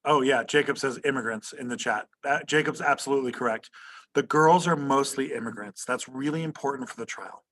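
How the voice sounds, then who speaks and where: A man's voice: medium pitch, fairly quick, a bit bright. A male history teacher lecturing an online class over a video call. He keeps quizzing students and tags his statements with "right?". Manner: asks students questions, tags "right?" often.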